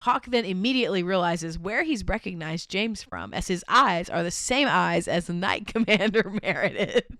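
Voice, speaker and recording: A woman's voice: lowish voice, expressive, moderate pace, few pauses, a bit bright, dry recording. A woman co-hosting a podcast, reading a fan story aloud and often breaking into laughter. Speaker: podcast co-host.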